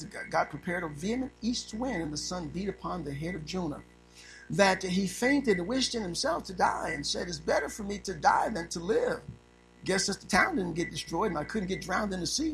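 Male preacher, bright, sharp tone, quiet-to-loud sermon delivery, faint music under. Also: high-pitched, rough recording. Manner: reads scripture in old-fashioned wording.

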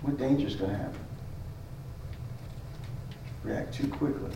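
A man's voice: mid-range voice, a little slow, vocal fry, noisy background. A man preaching as a pastor, teaching on marriage and acting out both sides of an argument with repeated phrases. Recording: echoey hall, mic at a distance.

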